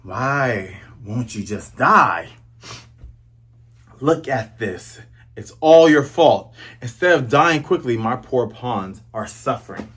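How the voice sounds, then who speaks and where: A man's voice: medium pitch, lively intonation, takes it slowly, a bit bright, husky, pitched below the performer's own voice, full character voice. A man voicing a cruel, cold male pirate captain who sneers at his enemy. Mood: sneering.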